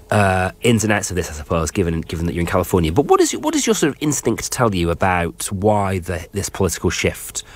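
A man presenting late-night radio news chat, rambling and self-deprecating with many fillers. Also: low voice. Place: radio studio.

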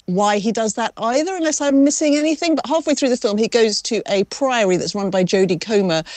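A woman's voice: mid-range voice, no room sound. Chatty wry woman film critic. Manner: chatty, wry, animated storytelling. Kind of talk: conversational film review.

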